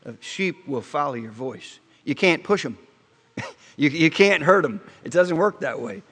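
A man preaching a sermon in a conversational, storytelling way, asking the congregation questions and slowing down to stress key points, with frequent restarts. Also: on the high side, animated, a bit bright. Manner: halting restarts, slows for emphasis. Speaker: pastor. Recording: long hall reverb.

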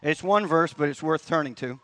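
A man's voice: fairly high pitch, a little fast, a bit bright, no room sound. A man preaching a sermon in church, in a folksy manner with rising emphasis on key points. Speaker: pastor. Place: church sanctuary.

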